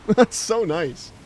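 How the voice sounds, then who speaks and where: A man's voice: high voice, darkish tone, a little hiss or hum. An American man chatting casually while he streams a game live, rambling with lots of fillers and laughing easily. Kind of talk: live gameplay commentary and chat.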